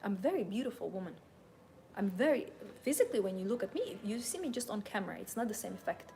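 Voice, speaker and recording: A woman's voice: medium pitch, very animated, fast talker, gravelly, warm tone, faint music behind. A young adult woman hosting a live motivational talk, speaking in a passionate, emphatic, self-assured way. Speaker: host and femininity coach.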